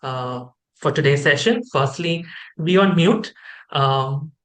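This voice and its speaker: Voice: mid-range voice, slow. A host welcoming participants to an online training session and leading a group game over a video call. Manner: upbeat, energetic, leads a group game.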